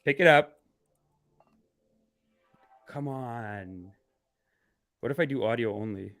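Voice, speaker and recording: A man hosting a comedic live stream. He swings between hushed mock-spiritual calm and loud excited outbursts, laughing often. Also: mid-range voice, slow pace. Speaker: livestream host.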